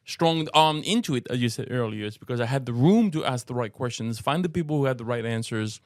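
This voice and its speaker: A man's voice: mid-range voice, expressive, a little fast, no room sound, studio quality. Earnest French-accented man. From France. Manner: earnest, repeats words while searching for phrasing. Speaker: co-host, apologetics teacher. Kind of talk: casual podcast discussion.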